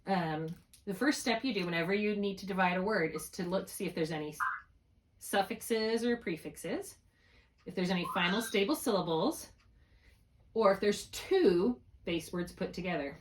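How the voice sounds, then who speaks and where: Woman tutor on a video call, patient and methodical, mid-range voice, slightly distant from the laptop mic. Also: medium pitch. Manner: patient, explains step by step with check-in questions. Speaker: reading tutor. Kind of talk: one-on-one spelling lesson. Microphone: laptop mic, held while writing.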